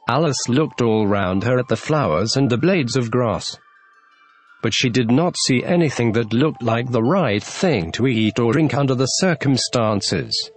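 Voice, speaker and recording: A man narrating a classic children's story with an expressive, lively reading. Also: medium pitch, measured pace, faint music behind. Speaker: audiobook narrator.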